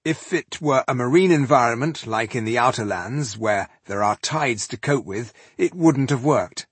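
A man's voice: medium pitch, lively intonation, normal speed, husky, no room sound. A man voicing a proud male dwarf of the fifling tribe who explains things with pride.

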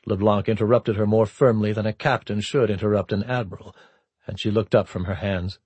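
A man reading an audiobook narration in a steady, measured way. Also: lowish voice, slightly rough, no echo. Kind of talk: scripted narration.

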